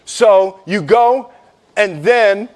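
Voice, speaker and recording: A man telling a personal story on stage, animated, acting out quoted voices and laughing often, standing as he speaks. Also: sits high, very slow. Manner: stands up while talking.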